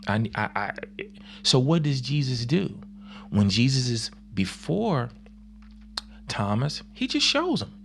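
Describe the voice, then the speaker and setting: A man's voice: mid-range voice, big pitch swings, measured pace, creaky, pauses often, slight background noise. A man who works as a youth minister, teaching on faith in a casual, conversational way that is full of fillers and acted-out quotes.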